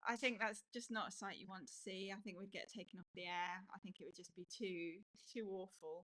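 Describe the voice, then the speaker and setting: A woman's voice: mid-range voice, steady tone, a little fast, bright, forceful tone, low-quality recording. Woman, live stream co-host, casual chat, giggly, self-deprecating.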